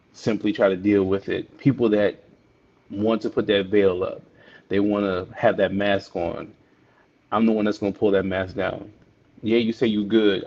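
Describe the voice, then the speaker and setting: A man with a low, flat voice talks earnestly in a casual podcast conversation, stacking repeated phrases for emphasis. The audio is dull and muffled. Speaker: podcast guest.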